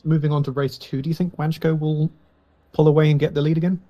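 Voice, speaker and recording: A man's voice: on the high side, little pitch movement, fast talker, lo-fi sound. A man co-commentating a sim race with dry, wry humour. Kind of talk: casual commentary banter.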